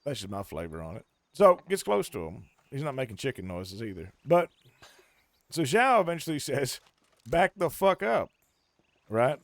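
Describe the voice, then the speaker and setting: A man's voice: medium pitch, moderate pace, dry recording. A man casually telling a long story to friends on a call, swearing freely and acting out what people said. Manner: animated, profane, acts out quotes mid-story. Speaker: streamer.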